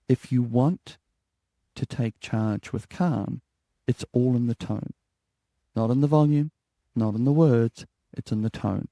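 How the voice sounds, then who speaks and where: A New man teaching an HR lesson in a calm, deliberate voice that settles downward at the end of his statements. His tone is dark and gravelly. The sound is dry and close. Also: medium pitch, dry recording. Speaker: HR coach and podcast host. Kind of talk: spoken HR lesson.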